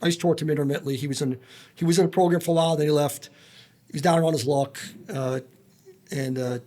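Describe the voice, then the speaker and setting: Fast and mellow, with a fairly high pitch and a steady tone, a male ex-federal agent tells blunt, swearing-heavy stories rich in quoted dialogue. He's a guest on a podcast, storytelling in a casual interview.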